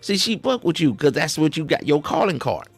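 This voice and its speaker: Faint music plays as a husky man with a higher, sing-song voice talks a little fast, recorded with no echo. Reacting to clips satirically, he rambles in drawling Southern slang, repeats "see," and stumbles over restarts.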